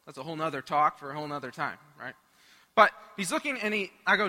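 High, bright-voiced man telling a story. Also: fast talker, in a large hall. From United States. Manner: animated and humorous, acts out quoted voices. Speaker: speaker at a Catholic renewal rally. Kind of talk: storytelling talk to a live audience.

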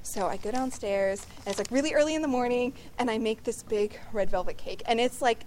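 A woman's voice: a little high, a little fast, a little mellow. Earnest teen girl giving a church talk. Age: late teens. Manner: chatty, earnest, frequent 'like'. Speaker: youth speaker at a confirmation event. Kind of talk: casual inspirational talk. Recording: noisy recording with clicks.

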